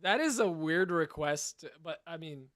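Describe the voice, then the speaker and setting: Male podcast co-host, high and lively, playful banter. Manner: playful, quick to laugh. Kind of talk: casual chat.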